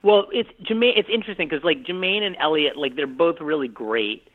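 In a conversational interview heard through a tinny phone-line sound, a man who directs films describes his work briskly in a slightly high voice. His talk is loose and rambling, packed with fillers and restarts.

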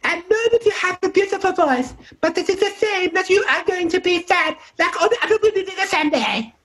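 A man putting on a silly squeaky voice for a father, mocking the words so they can't be taken seriously. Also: expressive, fairly quick, a bit bright. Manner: absurd, sing-song mockery.

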